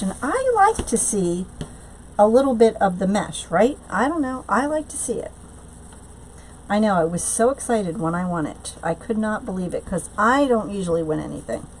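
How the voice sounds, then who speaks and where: A woman of middling pitch hosts a live craft tutorial, talking loosely and chattily. She answers viewers' comments as they come in and pads her talk with fillers and restarts. A faint hiss sits under her voice. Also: darkish tone, rough recording. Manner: frequent fillers and trailing restarts. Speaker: craft channel host.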